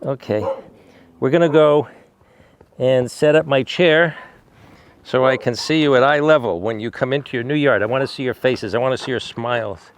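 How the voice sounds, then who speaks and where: A man's voice: medium pitch, moderate pace. A man who rescues animals, talking casually to the camera and coaxing his dogs outdoors with repeated calls. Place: outdoor dog yard.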